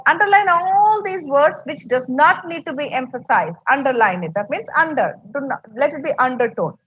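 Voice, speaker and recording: A woman's voice: sits high, a bit bright, rough recording. A woman with an Indian English accent teaching an online English class, explaining patiently and repeating herself, heard over a video call.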